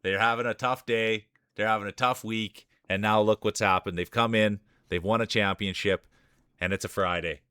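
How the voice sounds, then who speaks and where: A man's voice: on the low side, steady tone, normal speed, pushed and bright, smooth, no room sound, clean studio sound. A man in his forties with a small-town Saskatchewan Canadian accent, hosting live marble races with rambling, hyped sports-announcer patter. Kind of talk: live stream commentary and chat.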